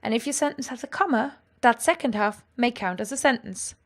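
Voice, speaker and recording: A woman teaching a grammar lesson in a clear, patient, explanatory way. Her voice sits a little high. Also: a little fast. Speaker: language teacher.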